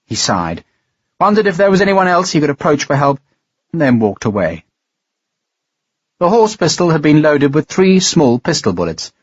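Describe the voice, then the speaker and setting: Husky-voiced man narrating an audiobook. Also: a little high, big pitch swings, normal speed, long pauses, dry recording, muffled recording. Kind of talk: scripted narration.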